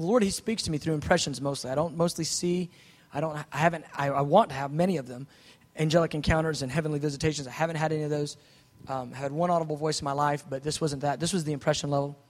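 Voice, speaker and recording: A man preaching a sermon, telling his story with animated swings from soft asides to loud outbursts. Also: fairly high pitch. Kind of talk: sermon testimony. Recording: long hall reverb.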